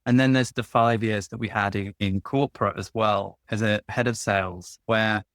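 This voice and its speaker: A man's voice: lowish voice, fairly even intonation, moderate pace, fairly bright tone, no room sound. A man hosting an interview, talking reflectively through his own work experience at length. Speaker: podcast host. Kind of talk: conversational interview.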